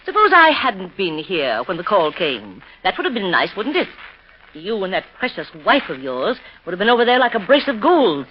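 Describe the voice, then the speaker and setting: An actress playing a scheming, sharp-tongued niece who switches between biting scorn and sugary sweetness, in a 1930s radio drama. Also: medium pitch, very animated, normal speed, a little hiss or hum, natural voice. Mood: scornful. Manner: scornful and biting, sugary when it suits her. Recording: dull lo-fi 1930s radio recording.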